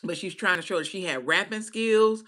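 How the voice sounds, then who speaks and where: A woman with a bright, forward voice chats through a casual live commentary. She talks in an animated, slangy way, checking in with listeners again and again. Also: medium pitch, normal speed. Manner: chatty, animated, slangy with "baby" and "right?". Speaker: host.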